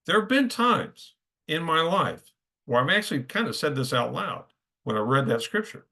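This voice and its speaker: A man's voice: fairly high pitch, big pitch swings, normal speed, sharp tone. A middle-aged man preaching a sermon in a conversational way, often checking in with his listeners. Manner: conversational, keeps checking in with "okay?".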